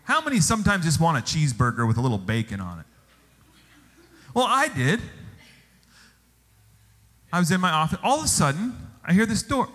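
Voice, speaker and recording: A male pastor preaching a sermon, telling stories with animated exclamations. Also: a little high, fairly quick, pauses often. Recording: long hall reverb.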